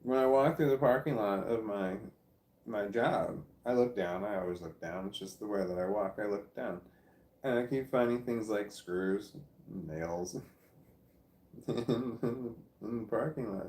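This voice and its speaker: A man's voice: fairly low pitch, measured pace, darkish tone, echoey room. A Midwestern American man vlogging in a rambling, self-deprecating monologue that keeps losing its thread. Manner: meandering, self-deprecating, loses his train of thought. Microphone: phone or camera nearby.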